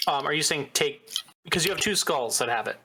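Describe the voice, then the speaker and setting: A man's voice: fairly high pitch, lively intonation, fairly quick, pushed and bright. A man running a tabletop game as game master, talking casually with restarts and fillers.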